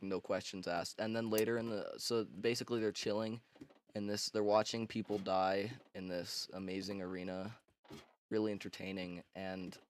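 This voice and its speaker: A man casually recapping a story for laughs, rambling and swearing, with lots of fillers and restarts. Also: lowish voice. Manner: rambling, slangy and profane, with frequent fillers and restarts. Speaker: book summarizer.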